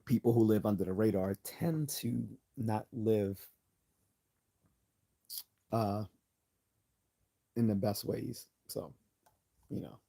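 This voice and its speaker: A man's voice: fairly low pitch, takes it slowly, gravelly, long pauses, mellow. A man hosting a live stream, reading an article aloud and breaking off into chatty, opinionated asides.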